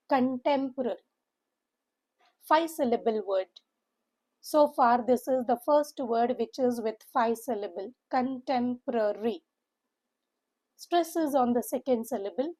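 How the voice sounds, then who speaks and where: A woman with an Indian English accent teaching English vocabulary, deliberately spelling out sounds, syllables and stress. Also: fairly high pitch, darkish tone, low-quality recording. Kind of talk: vocabulary lesson.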